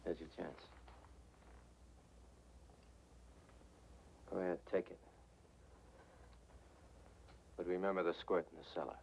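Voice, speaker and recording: A man's voice: deep voice, fairly even intonation, racing, gravelly, slightly rough, lo-fi sound, exaggerated voice. A cocky, wisecracking 1960s tough guy. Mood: cool. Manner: sarcastic, cool, needling. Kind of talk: 1960s Hollywood film acting.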